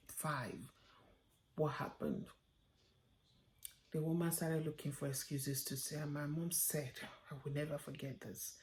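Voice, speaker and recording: A woman with a notably low voice delivers an earnest memorial tribute. Her speech is heartfelt and at times sinks to a near whisper. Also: creaky, dark tone. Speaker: daughter giving a tribute.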